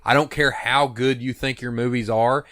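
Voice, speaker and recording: A man's voice: medium pitch, steady tone, fairly bright tone, no room sound, studio quality. Opinionated young male podcast co-host. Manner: emphatic, opinionated, drawn-out hesitations. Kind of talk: casual chat.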